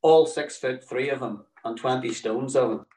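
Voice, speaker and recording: A man's voice: mid-range voice, moderate pace, darkish tone, roomy sound, distant mic, low-quality recording. A man telling a personal story in a dry, wry way, acting out quotes. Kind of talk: told personal story, read aloud.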